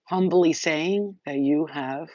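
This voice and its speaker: A woman giving a channeled spiritual message to her viewers, talking in an excited, rambling and emotional way, and cursing now and then. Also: low voice, takes it slowly, no echo, muffled recording. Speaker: spiritual reader.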